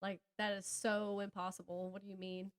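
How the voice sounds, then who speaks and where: Speaking at normal speed in a flat, mid-range voice, a Southern American woman co-hosts an easygoing book podcast. She chats about books in a rambling way, often stopping mid-thought and laughing.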